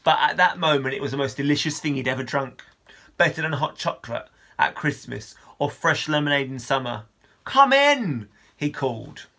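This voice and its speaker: A man, a teacher, reading a children's novel aloud with expressive storytelling. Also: mid-range voice, fairly quick, gravelly.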